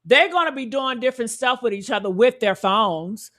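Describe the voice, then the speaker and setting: A woman's voice: a little high, animated, normal speed, fairly bright tone. A woman hosting a reaction show, talking bluntly and heatedly, firing off rhetorical questions. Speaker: commentary show host.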